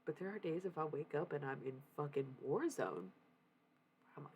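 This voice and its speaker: A woman's voice: low voice, lively intonation, brisk, a little mellow, a little hiss or hum. A young woman livestreaming, talking candidly in a casual confessional way, swearing freely and laughing often.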